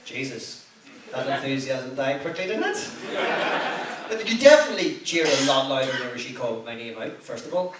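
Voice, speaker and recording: Male stand-up in his thirties, Northern Irish accent, lively pitch, swearing crowd work, recorded far off in a roomy venue. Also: brisk. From Belfast, Northern Ireland. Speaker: stand-up comedian. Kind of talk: stand-up comedy set. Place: comedy club stage with a live audience. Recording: echoey venue, heard from a distance, audible noise.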